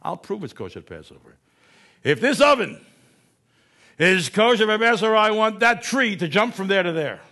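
A man's voice: high-pitched, very animated, fast, sharp tone, pitched above the performer's own voice, full character voice. A man putting on a defiant, indignant fellow. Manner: indignant, boastful challenges. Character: defiant man insisting his oven is kosher.

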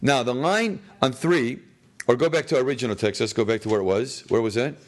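A man's voice: mid-range voice, fairly quick. A man teaching a class through a text, constantly posing questions to the room and answering them himself, with jokey asides. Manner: jokey, chuckles at his own lines. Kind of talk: classroom text study lecture. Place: classroom with students.

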